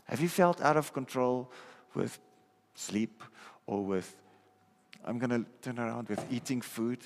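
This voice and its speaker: A man's voice: mid-range voice, a little slow. Man preaching in a reverberant hall. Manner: conversational, checks in with listeners often. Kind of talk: sermon. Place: church hall.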